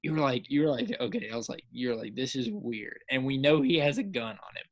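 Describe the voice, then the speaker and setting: A man co-hosting a podcast, chatting casually and excitedly, rambling with lots of filler and acting out his own reactions. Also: mid-range voice, brisk. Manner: repeats filler words. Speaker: podcast co-host. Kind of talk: casual chat.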